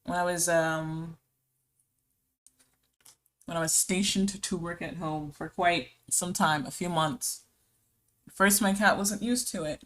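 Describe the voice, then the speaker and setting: Chatty woman streamer, lowish voice. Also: measured pace, a bit bright. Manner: chatty, rambling, answers chat messages aloud. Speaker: art streamer. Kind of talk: casual chat while drawing live.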